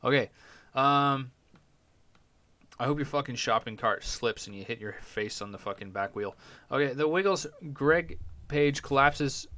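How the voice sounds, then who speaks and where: A young man reads news headlines aloud and tosses crude, mocking asides between them. His voice is smooth and clear at a middling pitch. The sound is dry and close, with no room echo. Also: pushed and bright. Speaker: podcast host. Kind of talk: casual commentary reading news aloud.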